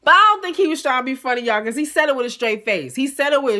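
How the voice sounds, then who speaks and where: A young woman telling a personal story in a casual, profane, animated way, acting out both sides of a dialogue. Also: high-pitched, brisk, few pauses.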